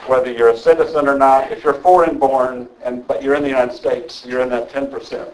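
An older man with a slightly high voice gives an evening lecture in a conversational style. He often checks in with the audience by asking "okay?" The recording is low quality.

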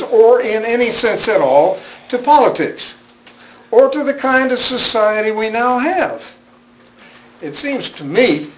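A man's voice: high-pitched, a little hiss or hum, low-quality recording. An older man giving a public philosophy lecture, wry and rambling, with a self-deprecating manner. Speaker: guest speaker, philosophy professor. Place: lecture room with audience.

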